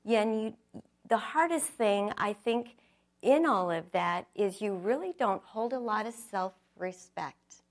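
A woman's voice: medium pitch, animated, unhurried. A middle-aged woman giving an earnest, reflective personal testimony, telling her story with acted quotes.

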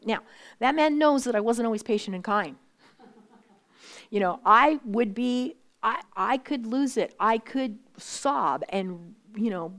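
Animated woman in her sixties, whispering asides. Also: fairly high pitch. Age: 60s. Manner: animated and conversational, often dropping to a whisper for emphasis. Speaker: women's Bible study speaker. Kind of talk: faith talk to a live group.

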